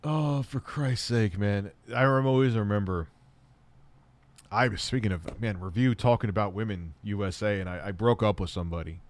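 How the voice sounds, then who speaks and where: A man hosting a casual stream, telling stories in a profane, animated way. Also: moderate pace. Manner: profane, animated storytelling, acts out quotes in high shouts. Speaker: host. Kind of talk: casual livestream chat.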